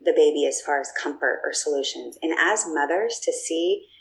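A woman's voice: deep voice, normal speed, vocal fry, a little hiss or hum, rough recording. A woman guest telling personal stories in a casual, chatty way, with plenty of fillers and restarts. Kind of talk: casual storytelling.

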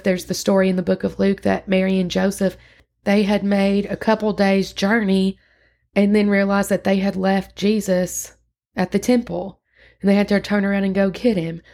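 Woman host, casual sermon recap, chatty, vocal fry throughout. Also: medium pitch, little pitch movement, normal speed, a little mellow. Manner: chatty and earnest, with frequent fillers and restarts. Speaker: podcast host.

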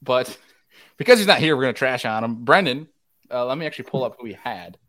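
A man's voice: medium pitch, lively intonation, brisk, a bit bright. A man hosting a casual fishing chat, reading out scores, teasing his friends and laughing often. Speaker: host.

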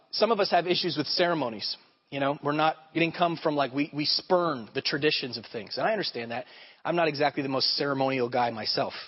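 A man's voice: a little high, slightly rough. A male pastor preaching a sermon in a conversational way, often checking in with his listeners. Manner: conversational, repeatedly checks in with "okay?". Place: church sanctuary. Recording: dull sound with long hall reverb.

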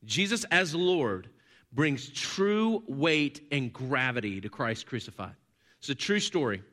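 Pastor, male, bright forceful voice, preaching with repetition and sudden hushed drops. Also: sing-song, slow. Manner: storytelling preacher, swings from loud emphasis to hushed low passages; repetitive, building emphasis. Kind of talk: sermon.

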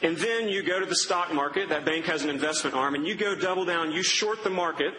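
A man's voice: on the high side, fairly quick, background noise. A young man preaching a sermon in a casual, storytelling way, acting out quotes. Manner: conversational, storytelling with acted-out quotes. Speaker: pastor. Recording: reverberant hall with faint ambience.

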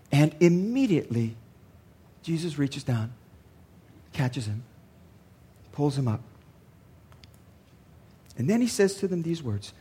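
A man's voice: a little high, a bit bright, husky. An older man, a pastor, preaching a sermon earnestly and repeating lines for emphasis.

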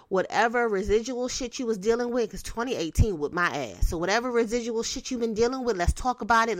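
A woman's voice: a little high, no echo. A young woman hosting a podcast, giving blunt, profane, streetwise advice in a casual way. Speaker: podcast host.

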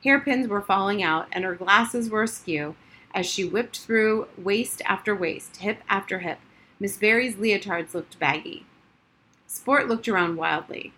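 A woman's voice: medium pitch, measured pace, sharp tone. Woman reading a storybook. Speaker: audiobook reader. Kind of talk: storybook narration.

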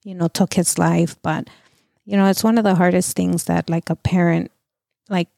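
A middle-aged woman telling her own painful story as an interview guest, halting and full of restarts and fillers. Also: lowish voice, fairly even intonation, vocal fry, mellow, no room sound, clean studio sound. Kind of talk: emotional personal testimony.

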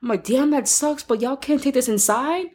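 On a podcast, a female co-host with a high, husky voice chats casually at a moderate pace. She tells animated stories full of swearing and acts out what people said.

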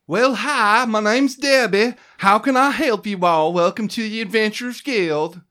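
A woman's voice: mid-range voice, measured pace, a bit bright, pitched above the performer's own voice, natural voice. A man voicing a friendly but condescending human woman clerk in a tabletop game, polite and chirpy with hesitant fillers. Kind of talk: tabletop role-play character voice.

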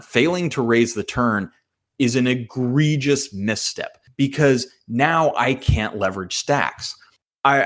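Male podcast host, solo talk, self-deprecating, animated, mid-pitched voice. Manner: self-mocking, animated storytelling. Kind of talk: solo podcast hand review.

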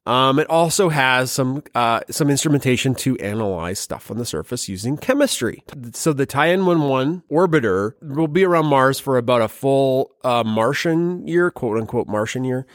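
A man talks through science news in a loose, jokey podcast style. His voice sits at an ordinary middle pitch and is recorded close and dry. He throws in playful quoted voices as he goes. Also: animated, normal speed, hardly any pauses, no echo. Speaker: podcast host. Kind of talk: casual science podcast chat.

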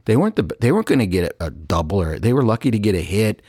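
Man, middle-aged, casual storyteller, animated, frequent laughs, swooping pitch, dry close mic. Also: very fast, husky, no echo. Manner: animated, laughing often, jumps into high voices for quoted people.

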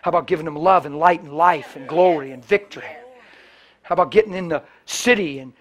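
A man's voice: fairly high pitch, a little fast. Impassioned male pastor preaching. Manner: impassioned, swings from loud bursts to hushed storytelling. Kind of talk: sermon.

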